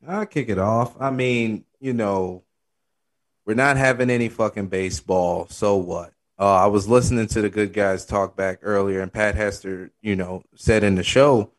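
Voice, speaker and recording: A man's voice: lowish voice, unhurried. A man in profane casual chat, rambling earnestly and restarting often.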